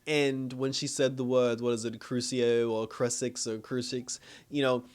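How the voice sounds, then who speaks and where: A man's voice: medium pitch, flat delivery, unhurried, clear, resonant tone. A man casually reviewing a TV episode, rambling with many fillers and frequent chuckles. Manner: rambling, full of "you know" and "like" fillers; chuckles often while recapping.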